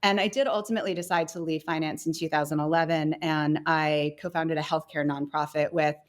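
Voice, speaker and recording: A woman in her thirties, a company co-founder, talking through her career in a relaxed podcast interview, reflective and full of fillers. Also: deep voice, a little fast. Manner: reflective, many fillers like "you know" and "kind of". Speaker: guest, company co-founder and CEO.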